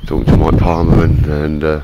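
Deep-voiced Cockney man, chatty vlog. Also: completely flat delivery, brisk, lo-fi sound, heavy background noise. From London. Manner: chatty, joking, rambling with filler words. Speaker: vlogger. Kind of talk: casual vlog chat to camera.

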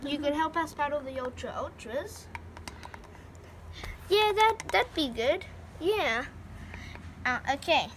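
A woman's voice: high-pitched, lively intonation, slow pace, pauses often, a bit bright, a little hiss or hum, exaggerated voice. A woman voicing a friendly young male space hero who talks eagerly, with many fillers and restarts. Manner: chatty, hesitant with many fillers.

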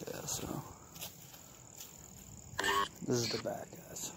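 A man ghost-hunting on camera, excitable, swinging between hushed whispers and loud outbursts. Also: slow pace. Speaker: paranormal investigator vlogger. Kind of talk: ghost-hunting vlog commentary. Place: outdoors at night at an abandoned site. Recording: loud outdoor noise with crickets. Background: crickets and insects.

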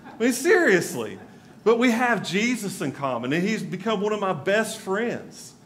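A man's voice: high voice, very animated, normal speed, fairly bright tone, a little hiss or hum. A male pastor from North Carolina, giving a conversational sermon with asides to the congregation in a church. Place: church sanctuary.

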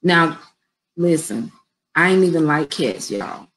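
A woman's voice: deep voice, animated, takes it slowly, a bit bright, slight background noise, poor audio. A middle-aged woman business coach talking conversationally and directly to her viewers on a live stream, with features.

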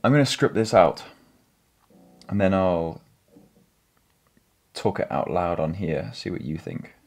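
A man's voice: low voice, very animated, moderate pace, gravelly, husky, faint music behind. A man vlogging from his small home office, thinking aloud and rambling with self-corrections. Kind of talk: casual vlog talk.

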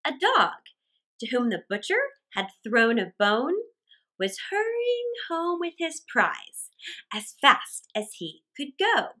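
A woman narrating children's fables aloud, animated and expressive. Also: high-pitched. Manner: animated and expressive, slow and clear. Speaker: storyteller for children.

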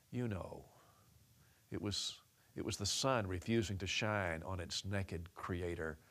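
Man preaching in a storytelling style. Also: low-pitched. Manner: animated storytelling with repeated restarts, voices quoted lines. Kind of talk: storytelling sermon.

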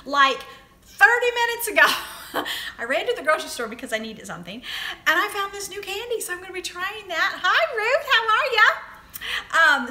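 A woman's voice: extremely high pitch, sharp tone. A middle-aged woman with a Southern US accent hosting a casual livestream chat, chatty and greeting viewers by name. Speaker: livestream host. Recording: echoey room.

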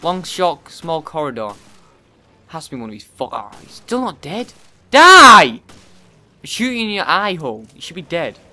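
A man giving profane let's play commentary, often yelling at the game in frustration. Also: fairly high pitch, big pitch swings, normal speed. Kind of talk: gameplay commentary.

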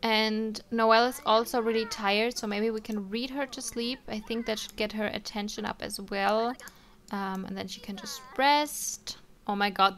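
A woman's voice: fairly high pitch, fairly even intonation, moderate pace, a bit bright, slight background noise. A young woman casually commenting on her life-simulation game, chatting to her characters with frequent ums and little laughs. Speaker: let's play streamer.

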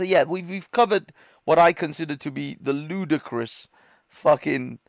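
A man's voice: fairly high pitch, creaky, dry recording. A man hosting a livestream with a London accent, ranting in casual commentary, swearing and laughing often in a mocking way. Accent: London English. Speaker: livestream host.

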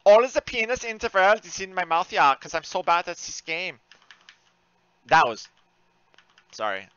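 A man streams his gameplay with a very bright, ringing voice that leaps around in pitch. He curses freely and flips between frantic yelps and low grumbling asides. Keyboard clatter ticks along behind him. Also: big pitch swings, normal speed, smooth, dry recording, dull audio. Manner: swears a lot, frantic outbursts and mutters. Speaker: gaming streamer. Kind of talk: live gameplay commentary.

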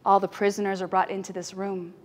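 A woman giving a talk on stage, telling emotional stories dramatically and swinging between loud passages and hushed ones. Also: medium pitch, flat delivery, brisk. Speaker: speaker.

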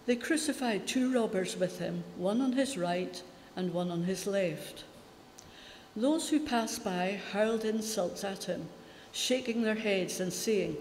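A woman reading a Bible passage aloud in a church service, in a steady, measured way. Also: mid-range voice, slight background noise. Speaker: scripture reader. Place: church hall. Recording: echoey church from a distance.

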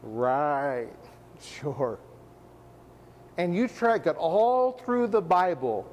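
Emphatic higher-voiced male preacher. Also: very animated, a little mellow, long reverb tail, a little hiss or hum. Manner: emphatic, rapid-fire rhetorical questions. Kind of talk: sermon.

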